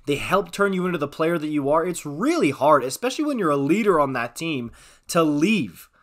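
A man's voice: on the high side, lively intonation, a little fast. A man giving casual, chatty hockey news commentary, talking straight to his viewers.

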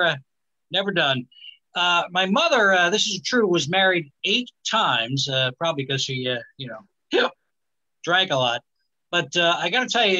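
A male stand-up comedian on a live stage, delivering his set with a halting manner and many "uh" fillers. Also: sits high, bright, forceful tone, dull audio. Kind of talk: stand-up routine.

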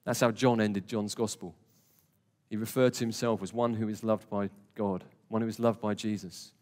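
A man's voice: lowish voice, fairly even intonation, normal speed, darkish tone. A man preaching a conversational, emphatic sermon to a live congregation, with jokey asides. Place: warm church hall, live congregation. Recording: long hall reverb.

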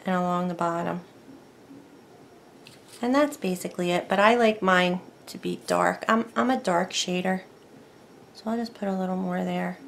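A woman's voice: on the low side, moderate pace, vocal fry, pauses often, slight background noise. A woman teaching decorative painting in a casual tutorial, chatting and thinking aloud as she works at a close mic.

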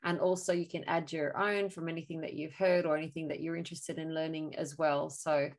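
A woman's voice: sits low, level tone, a little fast. A woman hosting an online video call, speaking in a chatty way with many fillers as she talks to her guest and the viewers. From Australia.

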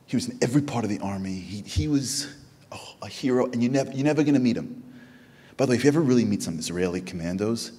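An American man tells a story to a crowd with a lot of energy, jumping his voice up high whenever he quotes someone. His voice is a bit husky and swings widely in pitch. The room behind him rings with a long hall echo. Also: lively intonation, fast talker, warm tone. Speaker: Jewish speaker. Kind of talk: storytelling talk to an audience. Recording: echoey hall with long reverb.

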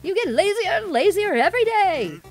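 A woman doing a loud boastful skeleton. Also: extremely high pitch, very animated, moderate pace, soft background music, pitched above the performer's own voice. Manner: loud, shouty, grandiose. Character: loud boastful young male skeleton, eager and dramatic.

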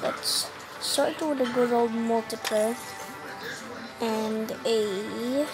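Slow-talking young woman gaming vlogger. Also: fairly high pitch, steady tone, over music, poor audio. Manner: frustrated, joking, sings silly bits. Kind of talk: casual live gameplay commentary.

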